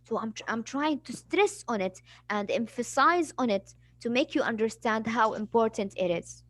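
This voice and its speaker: A woman's voice: on the high side, moderate pace, dry recording. Female English teacher, patient and explanatory, dry close recording. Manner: patient explaining, acts out examples. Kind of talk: classroom vocabulary lesson.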